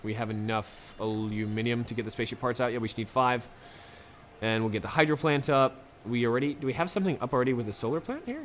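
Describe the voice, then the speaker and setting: A man's voice: medium pitch, quick pace, a bit bright, a little hiss or hum. A man casually commenting on his strategy game, chatty and laughing often, talking to the units on screen. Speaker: let's play gamer.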